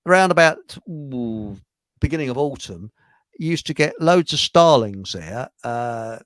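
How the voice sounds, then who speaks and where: A man's voice: medium pitch, animated, measured pace, a bit bright, dry recording. A man hosting a casual online chat show, rambling, telling jokes and laughing at them. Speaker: show host.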